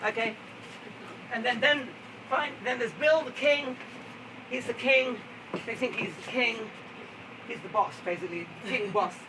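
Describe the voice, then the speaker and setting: A man's voice: very high-pitched, a little slow, pauses often. A man giving a chatty, theatrical live storytelling performance at an outdoor garden event, often breaking into laughter. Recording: distant, noisy outdoor recording.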